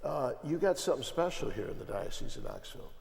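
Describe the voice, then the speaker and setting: Quick and gravelly, the archbishop's medium-pitched, darkish voice swings widely in pitch. The Midwestern man talks emphatically on a panel as a guest, stacking repeated phrases and restarting sentences, all in long hall reverb.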